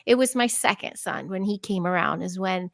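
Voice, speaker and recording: Bright-voiced woman telling her recovery story. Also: medium pitch, normal speed, gravelly, no echo. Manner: open, animated storytelling with laughs. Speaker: co-host. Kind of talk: candid personal recovery talk.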